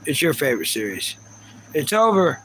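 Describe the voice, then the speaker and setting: Male streamer, high voice, casual rambling rant to chat, faint background hiss. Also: very animated, moderate pace, a bit bright, rough recording. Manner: ranting, repeats himself, talks to chat viewers. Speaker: livestream host. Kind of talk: casual live reaction chat.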